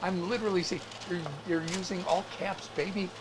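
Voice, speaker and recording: A man's voice: high-pitched, fairly quick, noisy background. A man from the Chicago area with a faint Chicago accent, co-hosting a craft livestream and telling a story in casual chat. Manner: chatty, animated storyteller with restarts.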